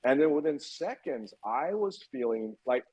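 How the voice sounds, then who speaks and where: A man's voice: medium pitch, normal speed, poor audio. A man in his fifties telling a story as a podcast guest, acting out the dialogue with lots of swearing. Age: 50s. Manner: animated, acts out quoted dialogue, frequent swearing. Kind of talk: storytelling interview chat.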